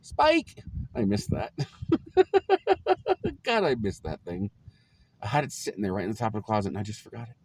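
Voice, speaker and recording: A man in his forties with a very low voice tells personal stories in a relaxed, rambling vlog. His talk is loose, full of ums and small chuckles, with a faint hiss of noise behind him. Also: quick pace. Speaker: vlogger. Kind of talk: casual storytelling to camera.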